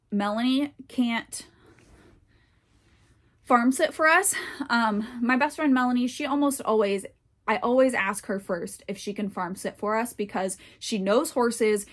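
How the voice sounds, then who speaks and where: A woman's voice: a little high, fairly bright tone. A woman hosting a podcast in casual chat, rambling a bit with lots of fillers, a little winded and tired. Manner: chatty and rambling with frequent fillers. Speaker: podcast host. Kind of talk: casual chat reacting to online posts.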